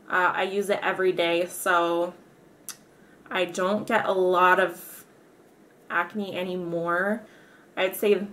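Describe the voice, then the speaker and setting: A young woman casually explaining her skincare routine in a halting way, with fillers and soft laughs. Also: lowish voice. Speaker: beauty vlogger.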